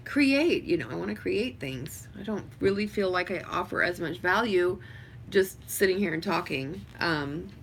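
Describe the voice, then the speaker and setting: A woman's voice: on the low side, moderate pace, creaky, a little hiss or hum. A woman chatting casually on a home livestream, rambling with lots of fillers. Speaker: vlogger.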